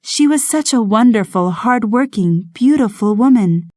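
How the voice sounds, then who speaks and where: A woman voicing a gentle, grieving young woman, speaking softly and earnestly in an audiobook, recorded close to the mic. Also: on the high side, animated, measured pace, no echo. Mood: tender. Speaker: Charlotte. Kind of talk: audiobook dialogue reading.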